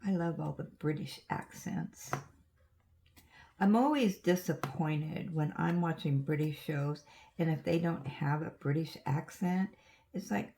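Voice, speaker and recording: Low, slow, gravelly older woman. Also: warm tone, slight background noise. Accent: Oregon. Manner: rambling, chatty storytelling with asides. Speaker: crafting vlogger. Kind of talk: casual chat while diamond painting.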